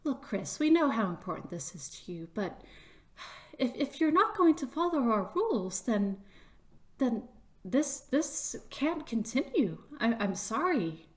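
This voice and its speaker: A woman doing a high stammering mouse official. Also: very animated, a little slow. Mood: apologetic. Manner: stammering, hesitant. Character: nervous timid female mouse official.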